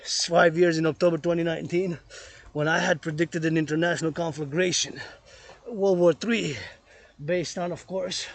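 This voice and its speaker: A man's voice: fairly high pitch, fairly even intonation, moderate pace, vocal fry. Rambling man repeating himself outdoors. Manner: repeats words and phrases over and over. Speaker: vlogger. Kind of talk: rambling vlog monologue. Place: outdoors on a forested mountain trail.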